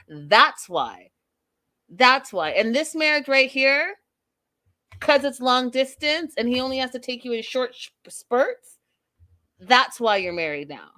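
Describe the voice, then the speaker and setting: A woman's voice: fairly high pitch, pushed and bright. A woman hosting a casual recap show, blunt, sassy and profane. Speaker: host.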